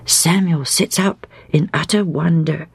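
A woman narrating a Bible story in a slow, hushed, dramatic storytelling manner. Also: low-pitched, steady tone, creaky, breathy edge, no room sound.

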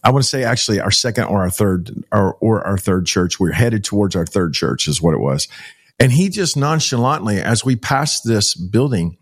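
This is a slightly rough, lower-pitched male voice at an ordinary pace. The speaker, a middle-aged founder of a child rescue group from Texas, recounts stories in an interview, performing the dialogue with lively energy.

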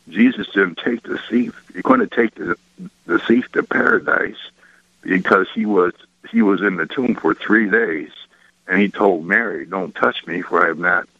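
Male caller, very low, bright edge, halting delivery, muffled phone line. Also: creaky, no echo. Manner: halting, many "uh" pauses, searching for words. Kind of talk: phone call to a radio show.

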